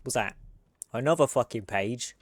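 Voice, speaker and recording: A man's voice: medium pitch, expressive, normal speed, no echo. A man from the United States streaming a game with casual, rambling commentary and frequent swearing. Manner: chatty, rambling, swears freely.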